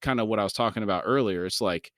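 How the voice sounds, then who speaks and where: A man's voice: on the low side, quick pace, fairly bright tone, no echo, studio quality. A man co-hosting a book podcast, reading a fantasy novel aloud in a plain voice and chatting casually between passages. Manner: plain, lightly voiced read-aloud, laughs often.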